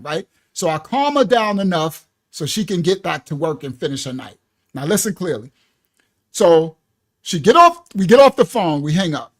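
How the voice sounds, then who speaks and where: A man preaching in a lively, slangy storytelling style, acting out the voices of the people in his story. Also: high-pitched, normal speed. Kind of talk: storytelling sermon.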